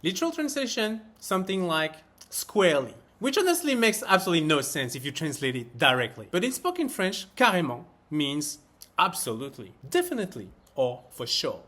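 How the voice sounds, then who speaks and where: A man narrating a scripted French lesson, explaining everyday phrases with expressive emphasis. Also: fairly high pitch, a little fast. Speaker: French teacher.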